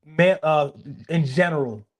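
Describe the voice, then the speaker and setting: A man's voice: fairly high pitch, moderate pace. A young man, co-hosting a podcast in casual, emphatic conversation and often repeating himself. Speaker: podcast co-host.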